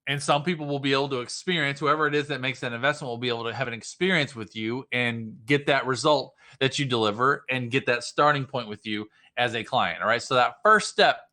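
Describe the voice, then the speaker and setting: A man's voice: medium pitch, fairly quick, few pauses, sharp tone. A man giving business coaching on a livestream, emphatic and repetitive, often restarting his sentences. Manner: emphatic, repeats points, restarts. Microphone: livestream mic.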